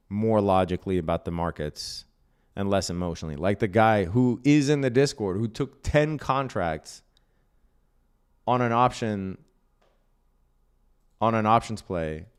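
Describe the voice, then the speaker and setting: A man's voice: on the low side, darkish tone, clean tone. A man casually explaining day trading on a live stream, reading out viewer comments and answering bluntly, often with a tag "right?" and some swearing. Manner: blunt, profane, keeps asking "right?"; reads out and answers viewer chat.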